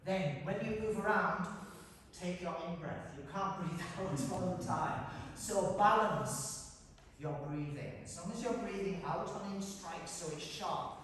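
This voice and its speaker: A man's voice: high-pitched, unhurried, background noise. A man in his sixties leading a breathing and boxing class, firmly repeating the rules. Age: 60s. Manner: firm, instructive, repeats rules. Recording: roomy hall, voice from far off.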